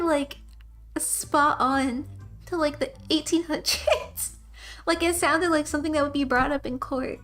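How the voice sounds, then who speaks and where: Young woman, high voice, chatty rambling streamer, faint music behind. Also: steady tone, unhurried, a bit bright. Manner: chatty, rambling, laughs often. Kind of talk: casual game commentary and reading.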